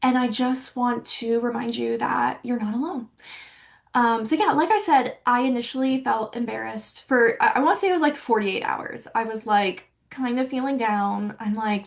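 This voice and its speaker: A woman's voice: on the high side, moderate pace, creaky. A woman in her early thirties hosting her own podcast, talking candidly and chattily with many fillers as she reflects on her life. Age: 30s. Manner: candid and chatty, many likes and you-knows. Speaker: podcast host. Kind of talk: personal reflective monologue.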